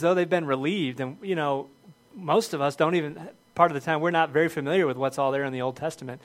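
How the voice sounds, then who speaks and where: Middle-aged guy preaching a sermon, kinda high voice, earnest and chatty. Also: fast. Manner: earnest, conversational preaching with rising emphasis. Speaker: pastor.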